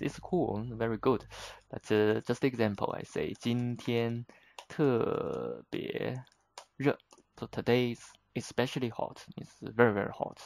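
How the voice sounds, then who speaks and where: Man, low gravelly voice, very slow patient explaining, dry close sound. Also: a little mellow, low-quality recording. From China. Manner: unhurried, patient, slips between English and Chinese with frequent fillers. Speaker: Chinese teacher. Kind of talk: explaining vocabulary in a lesson.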